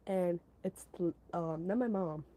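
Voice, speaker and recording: Rambling, mellow-voiced woman telling a story. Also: lowish voice, measured pace, poor audio. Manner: rambling, filler-heavy, repeats herself, giggles; talks to her chat between story parts. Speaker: storytelling streamer. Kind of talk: casual storytime chat.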